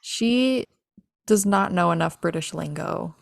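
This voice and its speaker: A woman's voice: lowish voice, lively intonation, unhurried, vocal fry, no room sound, clean studio sound. A young woman co-hosting a podcast, chatting casually and gushing like a fan. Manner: giggly, gushing fan talk. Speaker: podcast co-host. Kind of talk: casual chat.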